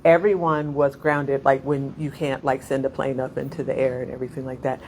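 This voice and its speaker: Middle-aged woman, deep voice, chatty digressive storyteller at a reading, quick to laugh. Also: little pitch movement, darkish tone, a little hiss or hum, poor audio. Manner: rambling, laughing, many "like" fillers. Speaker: poet.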